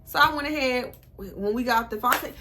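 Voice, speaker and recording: A woman, animated and sassy, acting out the back-and-forth of a conversation. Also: a little high, fast, noisy background. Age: 20s. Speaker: vlogger. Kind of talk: storytime vlog.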